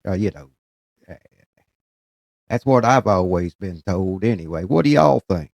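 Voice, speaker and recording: Low-voiced guy reacting to a creepy story, folksy, lots of lively ups and downs. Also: measured pace, vocal fry, no echo. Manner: folksy and expressive, with exclamations. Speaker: host reacting to a video. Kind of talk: casual reaction commentary.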